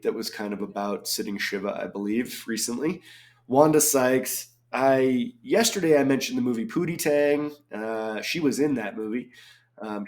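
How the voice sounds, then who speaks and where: A man's voice: mid-range voice, darkish tone. Chatty man thinking aloud. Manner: chatty and digressive, thinking aloud with many ums. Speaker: crossword solver. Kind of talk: casual solo commentary while solving.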